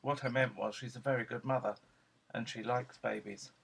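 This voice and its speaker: A man at home showing off his dogs, switching into high cooing baby talk whenever he speaks to them. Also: steady tone, moderate pace, gravelly, fairly bright tone, breathy edge, low-quality recording. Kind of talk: casual home video chat.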